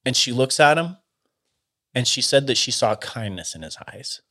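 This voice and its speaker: A man telling a story casually, in a loose, halting way full of fillers and restarts. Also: medium pitch, very animated, sharp tone.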